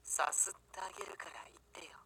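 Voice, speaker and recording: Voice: rapid-fire, bright, forceful tone, lightly acted, low-quality recording. A voice actor playing a clingy, playful grown-up twin man in a Japanese video game, coaxing and sometimes whispering. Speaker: game character voice.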